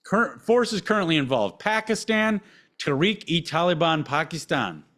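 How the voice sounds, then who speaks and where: A man's voice: fairly high pitch, big pitch swings, a little slow, a bit bright. A man hosting a podcast, reading out a list with blunt, sarcastic, profane asides. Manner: blunt, sarcastic, swears often, reads lists aloud with asides. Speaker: podcast host. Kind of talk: profane casual commentary.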